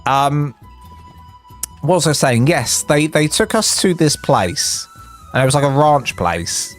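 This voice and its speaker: A man with an English accent chatting on a live game stream, rambling between building tips and chat stories, his voice jumping up when excited. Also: fairly high pitch, slow pace, faint music behind. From England.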